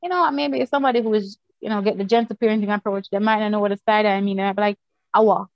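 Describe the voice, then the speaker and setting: A woman's voice: mid-range voice, rapid-fire, no room sound. A woman from the Caribbean moderating an online discussion club meeting, speaking in a plain, instructive way. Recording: slightly muffled video call audio.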